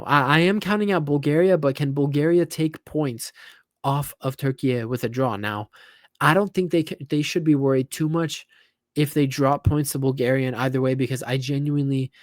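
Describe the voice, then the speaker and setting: A young man giving casual, opinionated football reaction commentary, tired and animated by turns and often repeating himself. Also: medium pitch, no echo, clean studio sound. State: tired, yawning.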